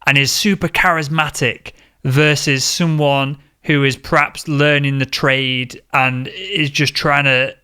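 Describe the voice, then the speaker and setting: A man's voice: a little high, steady tone, measured pace, bright, forceful tone, clean tone. A young man hosting a sales podcast, enthusiastically reacting and asking long, rambling questions. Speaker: podcast host. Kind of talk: podcast interview.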